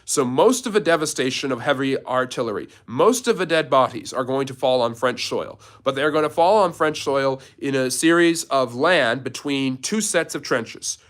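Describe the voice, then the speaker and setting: A man of ordinary pitch hosts a live history question-and-answer stream. He walks through events one link at a time, telling them as a story to answer a viewer's question. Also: a bit bright. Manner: storytelling, building a step-by-step chain of events. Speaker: history channel host.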